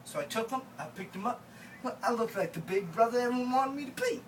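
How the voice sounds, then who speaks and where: A man's voice: very high-pitched, animated, fast, distant mic, noisy background. A man performing a rambling, mock-sorrowful comic monologue. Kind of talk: comedic character monologue.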